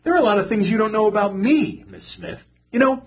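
A man's voice: high-pitched, animated, brisk. An actor playing a cocky, sarcastic young male shop clerk who just lost his job, in a 1940s radio play. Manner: teasing, sarcastic and persistent.

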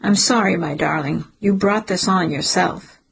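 A woman's voice: on the low side, a little slow, creaky, slightly rough, full character voice, rough recording. A woman voicing a stern, cold older father who speaks curtly and with contempt. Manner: curt, contemptuous, dismissive.

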